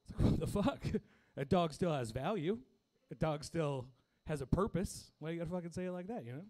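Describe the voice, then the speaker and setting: Crude, self-mocking young stand-up comic. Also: male voice, a little high, expressive, normal speed, mellow. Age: young adult. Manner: crude, self-deprecating, laughs at his own jokes. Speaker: stand-up comedian. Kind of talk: stand-up set.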